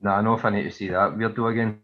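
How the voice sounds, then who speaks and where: A man's voice: on the low side, steady tone, racing, lo-fi sound. A Scottish man, a football club captain, giving dry short answers in casual chat.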